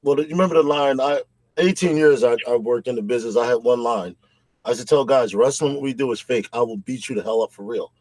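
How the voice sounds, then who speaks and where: A man's voice: medium pitch, quick pace, a little mellow, no room sound, poor audio. A middle-aged man, a former wrestler and trainer, telling stories in a plain-spoken, laid-back way. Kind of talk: casual chat.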